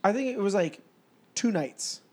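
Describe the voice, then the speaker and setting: A young adult man hosting a casual podcast, telling an animated story and laughing often. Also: sits high, unhurried. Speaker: podcast host.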